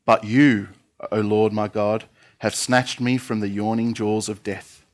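A man's voice: fairly low pitch, little pitch movement, unhurried, close to an everyday voice. A man voicing a prophet's earnest prayer of distress, reading it aloud in a fairly plain voice.

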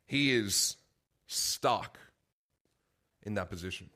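A man's voice: on the low side, takes it slowly, sharp tone. A man preaching a casual, conversational sermon, full of asides and restarts.

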